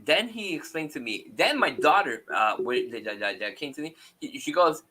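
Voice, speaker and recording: A middle-aged man hosting a paranormal chat, telling a personal story in a halting way with many restarts. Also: a little high, expressive, sharp tone, rough recording. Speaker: paranormal show host. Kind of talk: casual storytelling.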